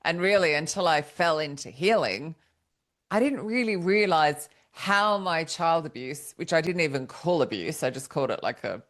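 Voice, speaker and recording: A woman's voice: low-pitched, expressive, moderate pace. A middle-aged woman, a guest in an interview, speaking openly and self-deprecatingly, laughing easily and restarting her sentences. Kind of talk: candid interview conversation.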